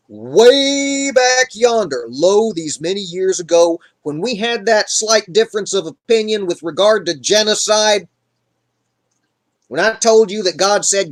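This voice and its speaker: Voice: mid-range voice, lightly acted. A livestream narrator voicing the ghost of a grumpy old prophet who scolds crudely and with contempt, in an improvised comic Bible retelling.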